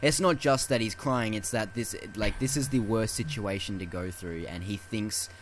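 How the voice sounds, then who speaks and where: Lowish-voiced man retelling film scenes. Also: moderate pace, slight background noise. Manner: swears often, acts out movie scenes in quoted voices. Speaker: podcast co-host. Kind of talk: casual film podcast chat.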